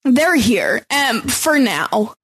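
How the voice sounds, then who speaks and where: A woman's voice: a little high, big pitch swings, drawn-out words, a bit bright, slightly rough. A woman from the United States co-hosting a podcast, chatting casually with dry, sarcastic jokes. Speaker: podcast co-host. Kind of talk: casual chat recapping a reality show.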